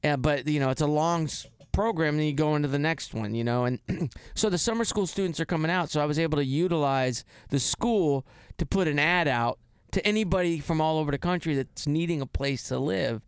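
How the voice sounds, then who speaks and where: A man's voice: fairly high pitch, a little fast, few pauses, clean tone, no echo, studio quality. A middle-aged man from Florida, telling rambling stories in a casual chat as a guest and laughing often. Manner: rambling, laughs often, mimics voices in anecdotes.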